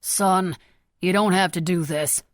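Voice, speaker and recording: A woman's voice: on the low side, fairly even intonation, unhurried, no room sound, lightly acted. Woman playing stern senator dad, firm and urgent, audiobook, dry close read. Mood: commanding. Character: older male senator father, commanding.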